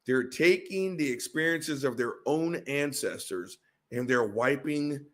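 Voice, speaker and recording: A man's voice: mid-range voice, measured pace. A man hosting a reaction stream, ranting heatedly and swearing constantly as he comments on a debate clip. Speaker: show host.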